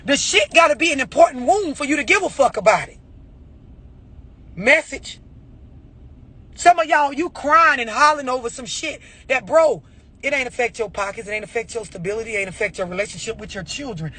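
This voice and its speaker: A man's voice: very high voice, fast talker, pushed and bright, slightly rough. A man giving a blunt, profane motivational rant about overreacting, full of rhetorical questions. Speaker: motivational speaker.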